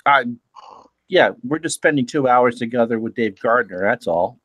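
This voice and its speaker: Lively wisecracking man, dry sound. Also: medium pitch, no room sound, highs cut off. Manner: wisecracking, quick teasing asides. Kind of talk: casual chat.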